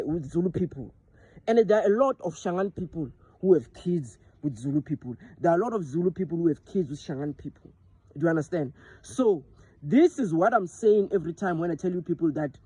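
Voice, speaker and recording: A man's voice: on the high side, dark tone, slightly rough, dry recording, poor audio. A South African man whose first language is Xitsonga, giving an impassioned, repetitive monologue to camera that keeps asking if the listener understands. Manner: impassioned, repeating himself and asking "do you understand?". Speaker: social media commentator.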